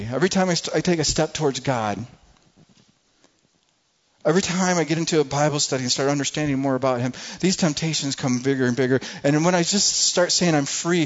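A man preaching a sermon with emphasis, often repeating words as he restarts. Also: on the high side. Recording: muffled lo-fi recording.

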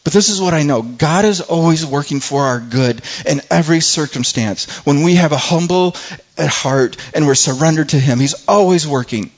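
A man's voice: a little high, moderate pace, highs cut off. A man preaching a sermon in an earnest, conversational way, often restarting his phrases. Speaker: pastor.

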